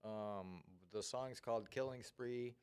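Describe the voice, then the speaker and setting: A man's voice: mid-range voice, slow, darkish tone, clear, resonant tone. A man, a songwriter in a band, talking plainly in a casual interview and swearing casually.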